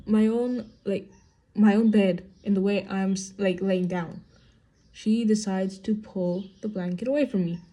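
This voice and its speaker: Filming a laid-back get-ready-with-me vlog indoors at home, a young woman rambles and vents about being upset, leaning hard on "like" and "you know." Her voice sits at a medium pitch with a warm quality.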